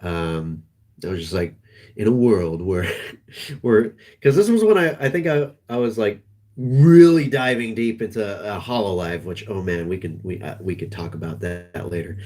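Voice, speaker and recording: Rambling low-voiced male streamer. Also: expressive, dark tone. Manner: rambling, halting, with many restarts. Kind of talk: casual livestream chat.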